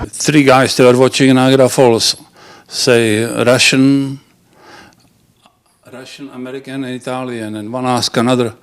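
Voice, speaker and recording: Slow-talking man telling jokes. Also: medium pitch, steady tone. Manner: halting, with many fillers and restarts. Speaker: joke teller. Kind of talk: casual joke telling.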